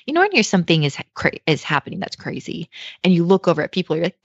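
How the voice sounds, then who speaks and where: A woman in her thirties tells a personal story in an animated, emotional way. She leans on "like" and "you know", and her low voice is gravelly with vocal fry. The recording is dry and dull, with little room sound. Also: fast, dry recording. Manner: heavy use of fillers like "like" and "you know". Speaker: mother telling a personal story.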